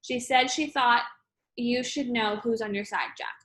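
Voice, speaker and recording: A kind, brave schoolgirl in a storybook reading, earnest and plain-spoken. A woman voices her, her pitch lifted a little above the narration. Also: fairly even intonation, a little slow, fairly bright tone.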